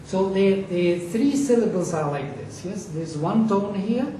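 Slow, mellow-voiced male lecturer. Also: high-pitched, animated, a little hiss or hum. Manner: explanatory, asks the class questions; chants Sanskrit words slowly. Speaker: teacher. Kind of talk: lecture on Sanskrit accent. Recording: echoey room, distant mic.

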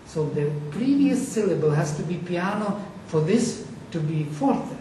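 Slow, mellow-voiced male lecturer. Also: high voice, expressive, a little hiss or hum. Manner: explanatory, asks the class questions; chants Sanskrit words slowly. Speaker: teacher. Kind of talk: lecture on Sanskrit accent. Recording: echoey room, distant mic.

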